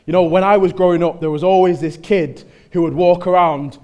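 Speaking briskly in a high-pitched, steady voice, a Mancunian-accented male preacher gives a church sermon that starts conversational and rises to loud exhortation.

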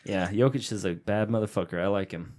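Guy on a sports podcast, lowish voice, cusses a lot, cracks jokes. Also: fairly quick. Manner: swears often, jokey and animated. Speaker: podcast co-host. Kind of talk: casual sports chat.

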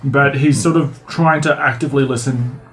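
A man's voice: medium pitch, steady tone, normal speed. Hesitant thoughtful man at play. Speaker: player. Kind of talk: playing a tabletop game.

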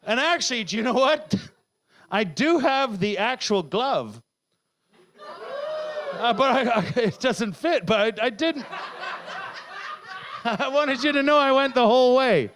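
A middle-aged man performing a rambling, self-heckling stand-up set, now and then bursting into shouts. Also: very high-pitched, lively intonation, slow pace, pauses often, background noise. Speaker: stand-up comedian.

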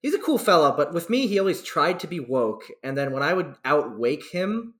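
A man's voice: a little high, big pitch swings, a little fast, a bit bright, roomy sound. A young man from New York, hosting a casual podcast and rambling through a story with plenty of swearing. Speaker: podcast host.

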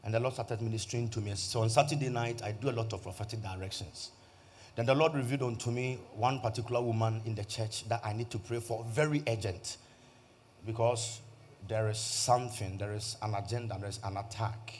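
A man's voice: fairly low pitch, fairly even intonation, a little fast, a little mellow, a little hiss or hum. A man, preaching a testimony sermon as pastor and driving points home by repeating them. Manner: emphatic, repeats key phrases.

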